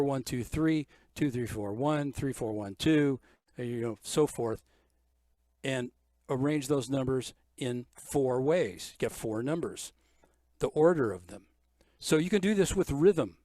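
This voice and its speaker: An older man giving a drum lesson, explaining ideas step by step and counting beats aloud. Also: medium pitch. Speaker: drum teacher. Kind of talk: drum clinic instruction. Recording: music from the drum kit in the background.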